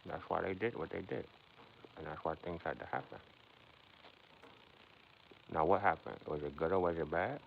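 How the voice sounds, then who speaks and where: A man with a gravelly, somewhat low voice runs a casual livestream, musing out loud and talking straight at his chat. The sound is dull and lo-fi, with a faint noise underneath. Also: moderate pace, pauses often. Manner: rambling, philosophizing, addressing chat directly. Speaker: livestream host.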